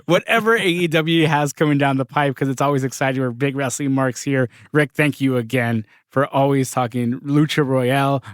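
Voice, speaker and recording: A man's voice: medium pitch, clean tone, no room sound, studio quality. A man hosting a casual podcast, talking in an opinionated, conversational way and laughing often. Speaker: podcast host.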